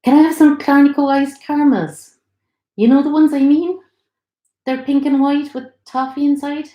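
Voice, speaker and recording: A woman's voice: high voice, fairly even intonation, moderate pace, mellow, voice pushed up, close to an everyday voice. A woman reading as Marilyn, weary pregnant woman. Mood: pleading. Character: heavily pregnant young woman, weary, sweet-toothed. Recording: roomy echo.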